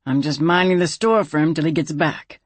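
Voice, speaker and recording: A narrator putting on a gruff backwoods possum man. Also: mid-range voice, moderate pace, dry recording, lightly acted. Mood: offhand. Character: gruff male possum storekeeper, cold and dismissive.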